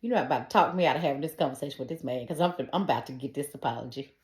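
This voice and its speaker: A woman's voice: rumbling low, racing, a little mellow. A middle-aged woman telling a personal faith testimony, earnest and conversational, speaking straight to her listeners. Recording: echoey room.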